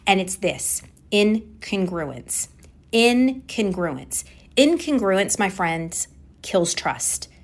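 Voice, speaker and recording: A woman's voice: mid-range voice, big pitch swings, drawn-out words. A woman hosting a solo coaching podcast on communication, talking with energy and stressing key words by repeating them.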